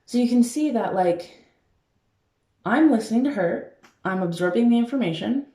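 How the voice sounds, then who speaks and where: Emphatic woman coach, mellow low voice, echoey room. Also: expressive, normal speed. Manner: emphatic, frequent filler words. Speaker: life coach. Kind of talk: casual advice talk to camera. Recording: roomy echo.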